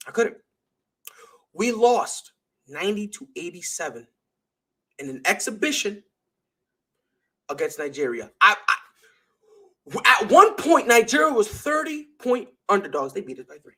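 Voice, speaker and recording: A man's voice: high voice, sing-song, measured pace, long pauses, bright, forceful tone. A young man hosting a sports talk show, delivering an emphatic, slangy opinion monologue full of rhetorical questions.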